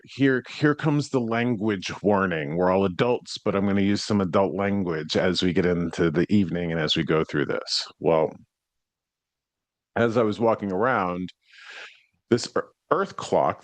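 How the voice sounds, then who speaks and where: A man hosting a podcast, telling a story in a casual, conversational way that grows animated as he retells what happened. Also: low-pitched, dry recording. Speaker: psychic medium podcast host.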